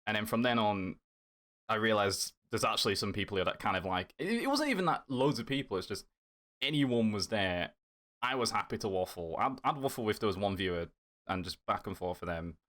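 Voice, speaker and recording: A man's voice: lowish voice, lively intonation, fairly quick, fairly bright tone. A man talking as a guest on a casual podcast, rambling enthusiastically. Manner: enthusiastic, rambling, fillers and restarts. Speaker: podcast guest, content creator.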